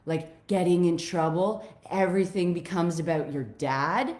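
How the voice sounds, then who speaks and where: A woman's voice: lowish voice, normal speed, hardly any pauses, a little mellow, echoey room. A woman life coach talking raw and heartfelt to her viewers, swearing freely as she opens up about old pain. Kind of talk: emotional personal vlog to viewers.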